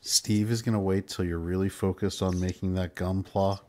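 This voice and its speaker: Deep-voiced teasing podcast man. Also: little pitch movement, moderate pace, darkish tone. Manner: teasing, paints silly scenarios. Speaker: podcast co-host. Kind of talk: casual comedic chat.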